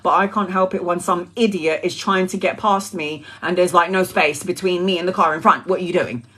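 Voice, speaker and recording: A woman's voice: on the low side, brisk, breathy edge. Swearing, laughing woman ranting. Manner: swears freely, laughs often, animated. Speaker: tarot livestream host. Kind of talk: casual ranting storytelling.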